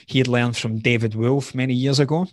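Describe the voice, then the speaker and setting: A man's voice: mid-range voice, steady tone, brisk, no room sound, clean studio sound. A man in his thirties, a health coach, telling his story in conversation, earnest and open, with frequent "like" fillers. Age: 30s.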